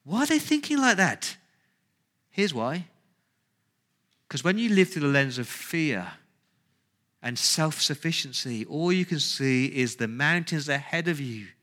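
A man's voice: on the high side, very animated, measured pace, pauses often, sharp tone. A man preaching a sermon as pastor, emphatic, with rhetorical questions and repeated phrases.

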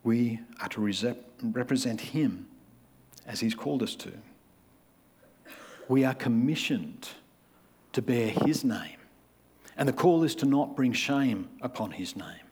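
A man's voice: medium pitch, lively intonation, unhurried, pauses often, darkish tone, husky. A man, preaching a sermon in a conversational way and acting out the people he describes. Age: 50s. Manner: conversational, acts out quoted voices.

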